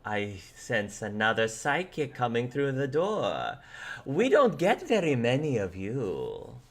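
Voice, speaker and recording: A man voicing a theatrical, old-fashioned female fortune teller who speaks in a drawn-out, dramatic, ingratiating way. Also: medium pitch, wildly swooping pitch, exaggerated voice.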